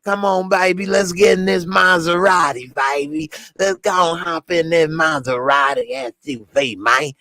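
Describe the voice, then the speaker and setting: Brief: man doing a drawling smooth-talker impression, higher voice, dry sound. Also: measured pace, few pauses, bright, forceful tone, no echo. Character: smooth-talking man, impression of a film actor.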